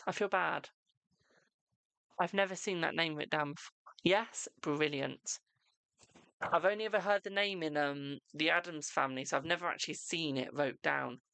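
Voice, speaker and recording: A British man hosting a casual live-stream tarot reading, reading viewers' questions aloud and answering them warmly, calling everyone "my darling". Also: on the high side, gravelly, clean tone, no room sound. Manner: affectionate, calls viewers "my darling"; chatty, reads questions aloud and answers quickly.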